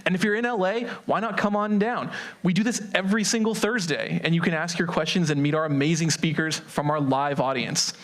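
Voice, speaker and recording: A man's voice: fairly high pitch, a bit bright. A man hosting a live talk event, thanking the guest and signing off to the audience and viewers at home. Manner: brisk, upbeat sign-off. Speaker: host.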